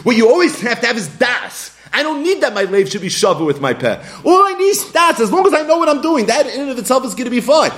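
A man with a Yeshiva English accent teaching a Talmud class, animated and acting out little scenes in different voices. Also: very high-pitched, fast, few pauses.

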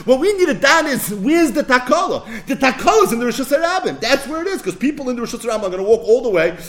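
A man giving an animated Talmud lecture, asking rhetorical questions and answering them himself. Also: very high voice, quick pace. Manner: lively, asks and answers his own questions. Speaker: Talmud teacher.

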